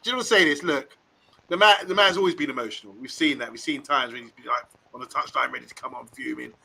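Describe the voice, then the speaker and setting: A man, co-hosting a casual live stream, animated and laughing, with lots of tag questions. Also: medium pitch, fast, gravelly, breathy edge, poor audio. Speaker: co-host.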